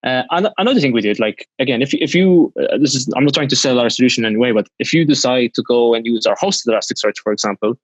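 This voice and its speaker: A man, an interview guest, talking rapidly in a casual chat with frequent stumbling restarts. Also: medium pitch, no echo. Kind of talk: casual video call interview.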